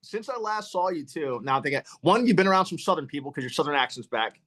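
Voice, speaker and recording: Brief: male podcast host from Virginia, lively swooping pitch, playful teasing, stammering restarts, video-call sound. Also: quick pace. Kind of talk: casual video-call chat.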